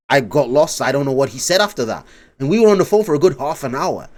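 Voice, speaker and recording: A man's voice: medium pitch, big pitch swings, fast talker. A man streaming live, rambling in casual commentary, swearing and laughing often.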